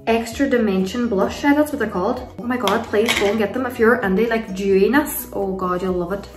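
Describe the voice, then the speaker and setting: A woman's voice: a little high, fairly quick. An Irish woman in her young adult years talks through her makeup routine at home, chatty and gushing, laughing often. She sits a little away from the mic, so her voice carries a roomy echo. Faint music plays underneath. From Ireland. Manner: chatty and rambling, gushing over products with frequent laughs. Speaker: beauty vlogger. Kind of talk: casual makeup tutorial and Q&A chat. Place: home room, kids nearby. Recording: roomy sound from a distance.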